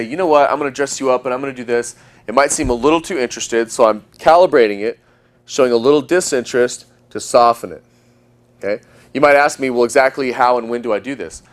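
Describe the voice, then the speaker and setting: A man giving dating advice as a coach, talking emphatically and using long pauses for effect. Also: medium pitch. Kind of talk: instructional talk.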